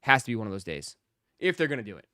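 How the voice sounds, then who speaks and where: A man's voice: on the low side, big pitch swings, racing, bright, forceful tone, dry recording, studio quality. A man hosting a casual livestream, talking straight to his chat viewers and repeating phrases for emphasis. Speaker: livestream host.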